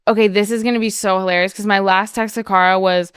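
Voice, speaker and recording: A woman chatting as a podcast guest during a party game, giggly and swearing freely, jumping to excited squeals. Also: medium pitch, fast talker, clean tone, no room sound, studio quality. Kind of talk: casual chat, party game.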